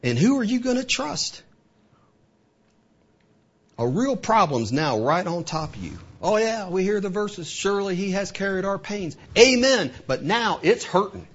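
Male preacher with a husky voice, mid-sermon, firing rhetorical questions, captured on a muffled recording. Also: fairly high pitch. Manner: rhetorical questions, voices the devil's taunts, lively delivery. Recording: dull lo-fi recording.

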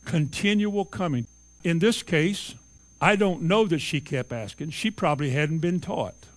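A man's voice: on the high side, animated, unhurried. A man preaching a sermon, retelling Bible stories emphatically and acting out the characters' voices.

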